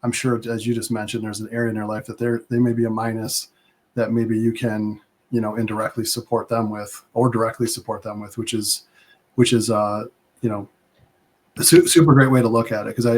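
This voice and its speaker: A man's voice: medium pitch, fairly even intonation, a little fast, a little mellow. A man hosting a podcast in casual chat, telling stories and often restarting his sentences. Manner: chatty, storytelling, stammering restarts. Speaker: podcast host.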